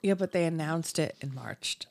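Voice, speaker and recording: A woman's voice: deep voice, moderate pace, creaky, darkish tone. A woman joining a casual podcast chat, answering in a dry, sarcastic, joking way. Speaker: podcast co-host.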